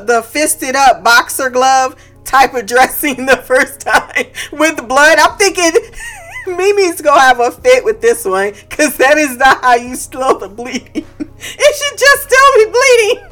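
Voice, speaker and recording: Woman podcast host with a high voice, loose and profane, breaking into laughter, faint music underneath. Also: big pitch swings, measured pace, a bit bright. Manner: laughs often, swears freely, goes off on tangents. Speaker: podcast host recapping a TV episode. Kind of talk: casual chat.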